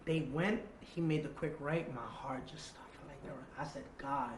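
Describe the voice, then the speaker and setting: New guy telling a wild story, kinda high voice, acts out all the quotes, echoey room. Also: measured pace. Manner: animated storyteller, acts out quotes, swears freely. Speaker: interview guest. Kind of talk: storytelling in a sit-down interview. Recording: echoey room with faint ambient noise.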